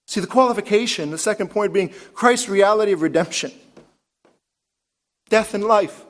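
A man preaching a sermon in an animated way, asking many rhetorical questions and rising to emphatic peaks. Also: sits high, normal speed, pauses often. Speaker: pastor.

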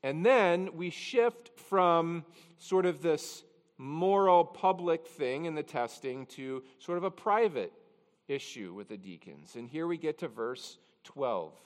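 A man's voice: on the high side, expressive, slow pace, in a large hall. A man pastor preaching a conversational expository sermon, with chatty, self-deprecating asides. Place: church sanctuary.

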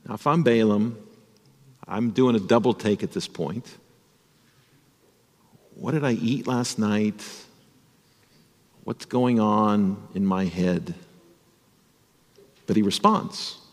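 A man's voice: fairly low pitch, slow, long pauses, in a large hall. A man, a pastor, telling a Bible story as a children's sermon and asking the children questions. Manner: animated, addresses children with questions.

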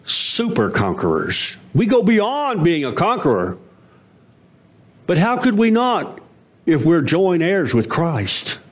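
A pastor delivers a sermon. His pitch swings widely and climbs to emphatic peaks before dropping low. His voice sits a little high for a man. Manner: preaching with swooping emphasis, rising to emphatic peaks.

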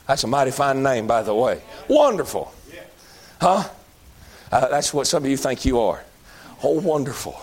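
A man's voice: mid-range voice, sing-song, moderate pace, long pauses, husky. A man preaching a sermon in a folksy, emphatic manner.

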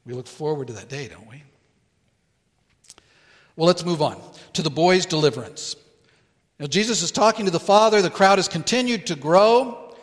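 A man preaching a sermon as pastor in a church, earnest and deliberate, pausing to stress key words. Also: a little high, in a large hall. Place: church sanctuary.

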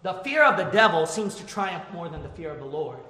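A man's voice: big pitch swings, brisk. Fervent male preacher in an echoey hall. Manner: fervent, emphatic preaching that swings from low talk to shouting. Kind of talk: sermon. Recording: echoey hall with long reverb.

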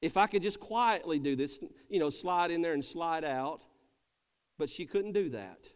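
Man, pastor, sermon, high voice, calls for amens, long church reverb. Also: lively intonation, unhurried, smooth. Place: church sanctuary.

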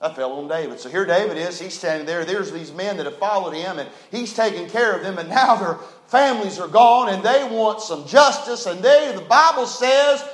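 A man preaching a sermon as pastor, telling stories folksily and swinging from loud emphasis to a hushed low voice. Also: moderate pace, few pauses, roomy sound, rough recording.

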